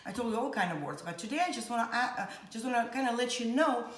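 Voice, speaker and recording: A woman's voice: on the high side, animated, quick pace. A woman hosting a cooking show in her home kitchen, chatty and encouraging as she teaches. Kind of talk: cooking demonstration with mini language lessons. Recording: echoey kitchen, camera mic far off, loud music. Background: loud background music and sizzling pan.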